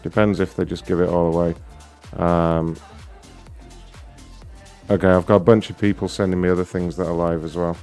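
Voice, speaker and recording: Man, stream host, casual banter, swearing, low voice, faint music behind. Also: little pitch movement, normal speed, pauses often, a little mellow. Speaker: host of a prank-call stream. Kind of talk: casual livestream chat.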